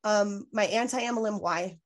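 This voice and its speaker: Earnest woman guest on a podcast, mid-pitch voice, lots of likes and restarts, gets heated and swears. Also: unhurried. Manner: frequent "like" fillers, self-restarts. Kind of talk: candid podcast interview.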